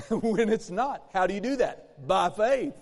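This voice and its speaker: A man's voice: sits high, big pitch swings, a little slow. A man preaching a sermon in a church, emphatic and repetitive, acting out bursts of laughter. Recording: long hall reverb in a church.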